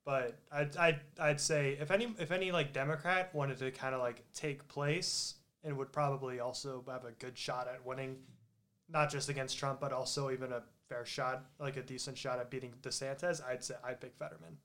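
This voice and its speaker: A man's voice: medium pitch, fairly even intonation, normal speed, a bit bright. A man hosting a casual political chat, speaking hesitantly with frequent fillers.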